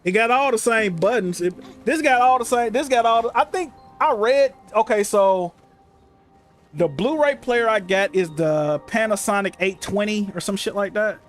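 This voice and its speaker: A young man streaming from his room, telling stories in casual, profane, animated chat. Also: high voice, moderate pace, soft background music. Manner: animated, profane storytelling with frequent laughs. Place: home room.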